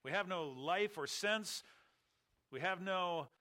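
A man preaching a sermon, emphatic, slowing down and leaning on key words. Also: sits high, pushed and bright.

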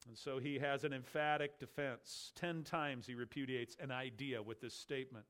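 A man preaching an explanatory sermon, stressing key words and slowing down for emphasis. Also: mid-range voice, steady tone, a bit bright.

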